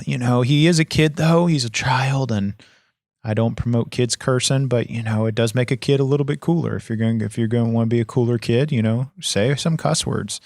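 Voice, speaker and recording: A man's voice: medium pitch, no echo, studio quality. A man co-hosting a comedy podcast, brash, profane and exasperated. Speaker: podcast co-host.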